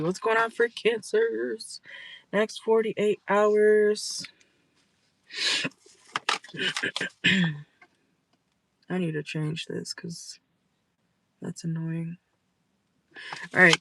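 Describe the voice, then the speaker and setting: A woman giving a casual tarot reading from her car, blunt and scolding, swearing freely, with a stuffy nose. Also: fairly low pitch. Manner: blunt, scolding, profane, chatty. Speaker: tarot reader. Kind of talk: casual direct-to-camera reading. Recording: noticeable background noise.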